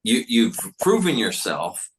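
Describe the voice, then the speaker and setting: A man's voice: medium pitch, sing-song, takes it slowly, slight background noise. A man hosting a podcast, interviewing his guest in an easygoing way. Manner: easygoing, laughs along. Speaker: podcast host. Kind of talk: casual interview.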